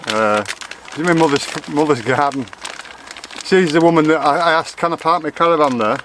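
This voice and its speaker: A man's voice: fairly high pitch, normal speed, noisy background. A man from Lancashire rambling chattily in a casual outdoor vlog, correcting himself as he goes. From Lancashire, England. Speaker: vlogger. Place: outdoors in a garden.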